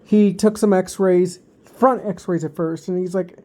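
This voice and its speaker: Mellow-voiced man rambling through a story. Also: sits high, steady tone, takes it slowly. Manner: rambling, loose, full of fillers and restarts. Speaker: vlogger. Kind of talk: casual storytime vlog.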